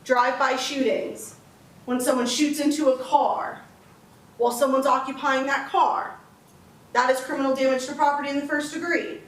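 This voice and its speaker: A woman's voice: high-pitched, steady tone, moderate pace. A woman prosecutor giving a closing argument to a jury, explaining the law step by step with emphasis. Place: courtroom. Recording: echoey courtroom audio from a distance.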